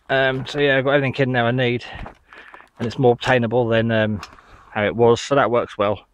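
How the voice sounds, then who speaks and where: A man's voice: medium pitch, a little hiss or hum. Slightly breathless British man vlogging outdoors. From United Kingdom. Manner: rambling, with many ums. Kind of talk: casual outdoor vlog. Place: outdoors in a field.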